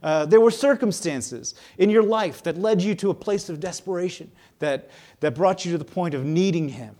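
Animated man preaching a casual sermon. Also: high voice, moderate pace. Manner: conversational, animated, acts out quoted voices. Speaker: pastor.

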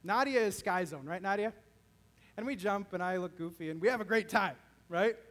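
A male pastor delivers a sermon in a high voice. He preaches conversationally, turning often to his listeners with direct questions. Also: moderate pace, fairly bright tone.

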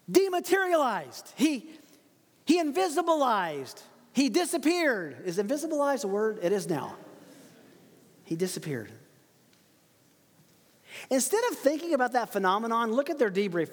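A man preaching a verse-by-verse sermon, animated and emphatic, laughing often. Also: very high voice, long reverb tail. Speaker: pastor. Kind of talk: expository sermon.

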